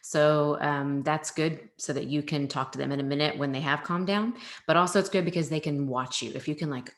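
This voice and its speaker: A woman's voice: a bass voice, steady tone, normal speed. A young adult woman, a former teacher and parent, chatting as an interview guest, laughing often and acting out quotes. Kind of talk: casual interview chat.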